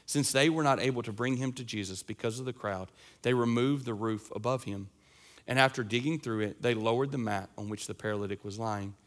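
A young man preaching a sermon, earnest and emphatic, his voice swelling and dropping as he makes his points. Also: medium pitch. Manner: earnest, emphatic preaching with wide swings in loudness. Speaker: pastor.

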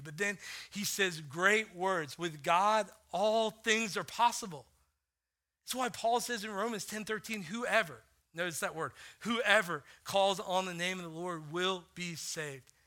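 A middle-aged man preaching a sermon as pastor, telling a family story in a casual way with many fillers, dropping to a hush and then rising to animated bursts. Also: high voice.

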